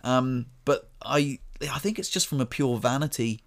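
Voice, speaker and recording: A man's voice: medium pitch, moderate pace. A man on a podcast telling a personal story in casual chat, laughing often and acting out what people said. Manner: animated storyteller, acts out quotes, laughs often, swears. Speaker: podcast co-host.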